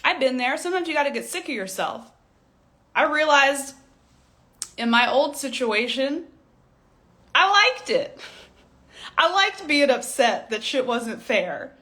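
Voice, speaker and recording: A woman's voice: sits high, big pitch swings, measured pace, pauses often, pushed and bright. A woman in her thirties, a stylist business coach, giving a blunt, profane motivational rant with mocking impressions.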